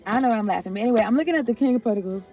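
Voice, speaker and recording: Casual, low-toned woman tarot reader. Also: rapid-fire, dark tone. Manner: loose, rambling, swearing, laughs often, trails off.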